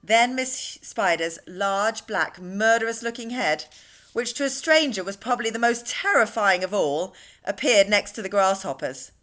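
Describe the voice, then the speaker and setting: A woman reading a children's book aloud at storytime, an expressive storyteller. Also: mid-range voice, normal speed. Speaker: storytime reader.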